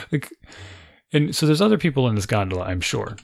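A man's voice: mid-range voice, sing-song, a little fast, creaky, no echo, clean studio sound. A man in his forties casually telling a funny family story, acting out quotes and laughing often.

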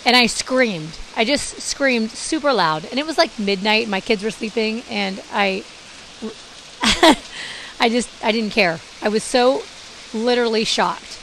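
A woman's voice: a little high, measured pace, rough recording. Woman telling her story, rain outside. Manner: animated, acts out quoted dialogue, frequent fillers. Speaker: podcast host telling her life story. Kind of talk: casual storytelling monologue. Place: indoors during heavy rain. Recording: faint hiss and rain noise.

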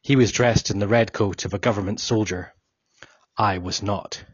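A man narrating an audiobook in a solemn, measured first-person reading. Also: on the low side, steady tone, slightly rough, no room sound. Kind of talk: scripted narration. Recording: dull, dry audiobook recording.

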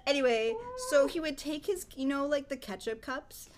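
A woman's voice: high voice, moderate pace. A young woman co-hosting a podcast, telling work stories in casual chat, blunt and freely profane. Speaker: podcast co-host.

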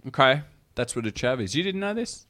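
A man's voice: medium pitch, big pitch swings, brisk, a bit bright. A man co-hosting a casual, joking chat, often talking over his co-host.

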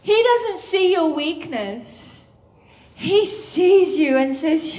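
A woman preaching a sermon, expressive, with bursts of laughter and sung phrases. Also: very high-pitched, very slow, echoey room.

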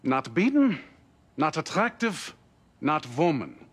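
An actor playing a doctor with a heavy German accent in a TV drama, speaking in clipped, broken phrases. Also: male voice, on the high side, sing-song, takes it slowly, husky, exaggerated voice. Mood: deadpan. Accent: German (put on).

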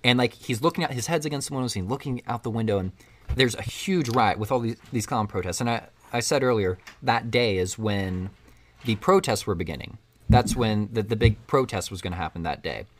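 A man casually retelling a film scene by scene, rambling and animated as he acts out lines. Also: on the low side, a little fast. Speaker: co-host recapping a film. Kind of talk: casual chat.

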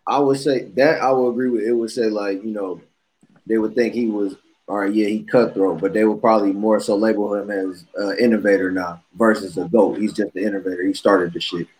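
A man chatting casually as a podcast co-host, reasoning things through in a measured way. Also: on the low side, steady tone, darkish tone, low-quality recording. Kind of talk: casual chat.

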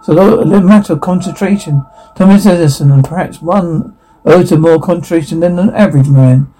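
A man's voice: a little high, moderate pace, dark tone, natural voice, low-quality recording. A man voicing an intense young male teacher who is obsessed with the power of the mind, reading a radio play in an insistent, lecturing way.

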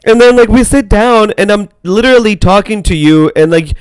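A man's voice: high voice, normal speed, clean tone, no room sound. A man co-hosting a podcast in casual chat, with a congested sinus-affected voice, playful and teasing. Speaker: podcast co-host.

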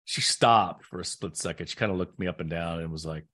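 A middle-aged actor appearing as a guest tells stories in a casual interview, his low voice moving at a brisk pace. He's animated, acting out the voices of the people he quotes.

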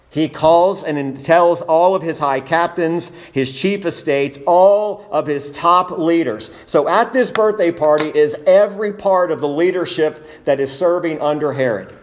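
A male preacher delivering a verse-by-verse sermon with earnest emphasis. His voice sits a little higher than most men's. He reads the scripture aloud, then turns and presses its point home on his listeners. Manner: earnest, emphatic, addresses the congregation directly. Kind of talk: expository sermon.

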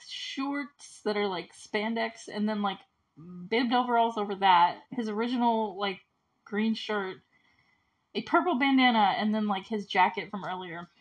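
A woman recaps a movie in a loose, casual way. Her voice sits at an ordinary middle pitch. She is chatty and laughs easily, stringing her thoughts together with "like" and "you know what I mean". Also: poor audio. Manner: chatty, giggly, heavy use of "like".

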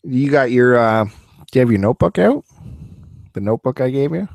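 A man's voice: mid-range voice, animated, a little fast, vocal fry, a little mellow, no echo, studio quality. A man hosting a podcast, chatting casually and teasing his co-host, laughing often. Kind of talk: casual chat.

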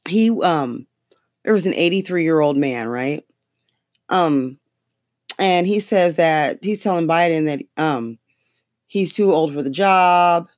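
Chatty podcast host, swears a lot, keeps laughing, mid pitch, dead dry mic. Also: slow, long pauses, no echo. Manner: rambling, profane, laughs often. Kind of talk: casual political chat.

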